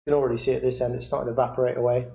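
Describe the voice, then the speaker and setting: A man talking through a picture framing job step by step in a workshop, unhurried and hesitant, with many fillers. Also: medium pitch, little pitch movement, vocal fry, warm tone. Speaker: picture framer demonstrating. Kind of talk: hands-on workshop demonstration. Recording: echoey room, dull lo-fi sound.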